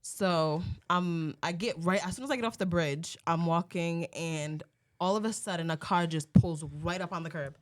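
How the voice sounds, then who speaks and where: Low-toned woman telling a rambling story. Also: normal speed. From Rhode Island. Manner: rambling, lots of "like" and "um". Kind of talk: casual storytelling.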